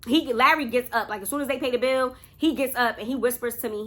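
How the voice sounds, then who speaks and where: A woman's voice: a little high, quick pace, a bit bright. A young woman telling a casual storytime to her viewers, chatty and talking straight to them. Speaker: vlogger.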